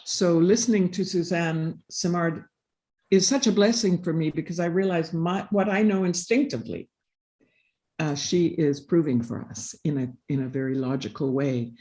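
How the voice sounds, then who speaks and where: A woman's voice: deep voice, moderate pace, warm tone. A woman speaking on a panel, telling a personal story in an earnest, reflective way. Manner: earnest, reflective, acts out quoted dialogue. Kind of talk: personal storytelling in a live session.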